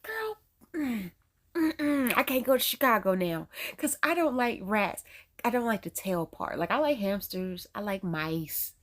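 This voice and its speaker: A woman's voice: medium pitch, lively intonation, moderate pace. A young adult woman hosting a reaction video, chatting in an exclamatory way straight to the viewer. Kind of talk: casual reaction commentary.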